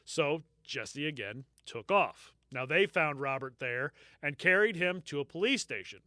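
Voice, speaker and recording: A man's voice: a little high, animated, unhurried, sharp tone, no room sound, studio quality. A man co-hosting a true-crime podcast, recounting the case in casual, profane chat and laughing often. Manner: storytelling, swears freely, laughs often. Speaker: podcast co-host.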